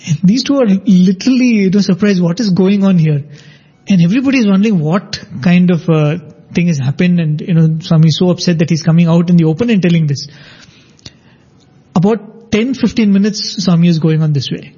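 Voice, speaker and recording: A man with a high, mellow voice tells anecdotes in an unhurried, conversational manner. His voice is slightly husky, and the audio is dull and lo-fi. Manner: anecdotal, measured, laughs while telling. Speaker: storyteller in a devotional talk. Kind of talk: conversational storytelling.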